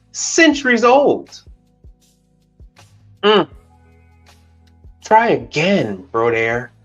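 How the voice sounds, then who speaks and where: A man's voice: medium pitch, a bit bright, highs cut off. A middle-aged man hosting a livestream, talking bluntly with lots of cursing and arguing back at his chat. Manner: blunt, profane, argumentative, talks back to chat. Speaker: livestream host. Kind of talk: casual livestream rant. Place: Houston, Texas.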